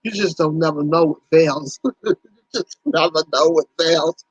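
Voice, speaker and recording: Animated woman on a casual livestream. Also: sits low, a little slow, breathy edge, no room sound, muffled recording. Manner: animated, exclaiming, teasing viewers by name. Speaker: livestream host.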